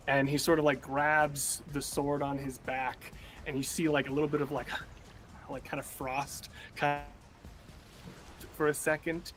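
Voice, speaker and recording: A man's voice: on the high side, steady tone, unhurried, a bit bright, a little hiss or hum. A man playing a tabletop game, describing his character's actions animatedly with many restarts. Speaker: player. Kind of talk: tabletop game play, casual chat.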